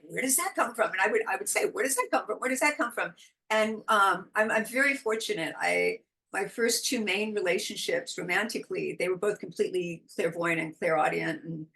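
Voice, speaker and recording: A woman talking as a guest in a relaxed interview, expressive and quick to laugh. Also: mid-range voice. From California. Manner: expressive, animated, laughs often. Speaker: podcast guest, intuitive guide. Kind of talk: casual interview chat.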